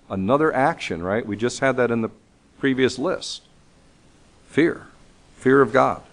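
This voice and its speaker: A man's voice: medium pitch, normal speed, long pauses. A man preaching a sermon in an earnest, emphatic way, reading scripture aloud, his voice still recovering from being lost.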